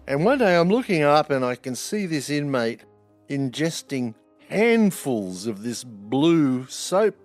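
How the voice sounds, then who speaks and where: Blunt ex-prison officer. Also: male voice, mid-range voice. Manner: blunt, swears freely, wry humor. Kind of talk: anecdotal storytelling.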